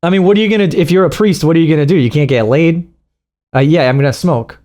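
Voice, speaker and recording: A man's voice: fairly high pitch, fast, darkish tone. A man giving casual reaction commentary as a streamer, profane and mocking, laughing often.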